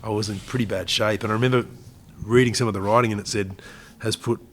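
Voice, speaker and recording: A man with a low voice and an Australian accent, talking as a podcast guest. He is in his forties and tells his stories casually, in a chatty way, often breaking into laughter. His delivery stays loose and conversational. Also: fairly even intonation, fast talker, a little hiss or hum. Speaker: guest, army veteran. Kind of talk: casual storytelling interview.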